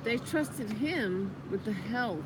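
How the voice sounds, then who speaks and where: A woman's voice: medium pitch, lively intonation, takes it slowly, noisy background. A woman co-hosting a casual political talk, chiming in briefly and emphatically. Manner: brief agreeing interjections, emphatic.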